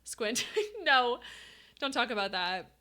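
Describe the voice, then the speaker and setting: A young woman streaming live, chatting casually with her viewers, animated and laughing often. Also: on the high side, takes it slowly.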